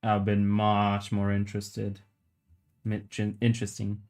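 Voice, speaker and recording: A man with a lowish voice talks to his live viewers while he works, rambling from one joke to the next. His delivery stays fairly level and unhurried in its melody, with a casual swear here and there. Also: monotone, darkish tone. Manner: rambling, joking, reads chat aloud. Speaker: livestreamer sculpting while chatting.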